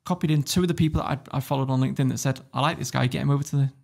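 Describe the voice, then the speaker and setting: A man's voice: mid-range voice, fairly even intonation, racing, vocal fry, darkish tone. A man telling a story as a podcast guest, blunt and swearing freely, laughing as he goes. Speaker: guest entrepreneur. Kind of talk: casual storytelling.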